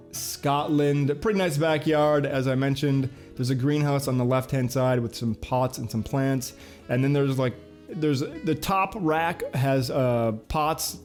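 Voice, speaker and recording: A man talks through news headlines in an easygoing, rambling way, with a mid-pitched voice. He fills his pauses with uhs and likes to drop in asides. Faint guitar music plays under him. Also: a little mellow. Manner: chatty, many filler ums and uhs. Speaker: host. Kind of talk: casual video commentary reading headlines.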